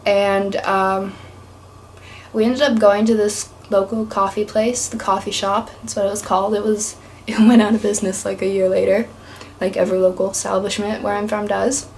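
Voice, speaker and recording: A woman's voice: mid-range voice, level tone, moderate pace, darkish tone. Young woman from tennessee rambling through a storytime, lots of "like", faint hiss behind. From East Tennessee, USA. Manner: chatty, rambling, heavy use of "like". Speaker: vlogger. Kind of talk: storytime chat to camera.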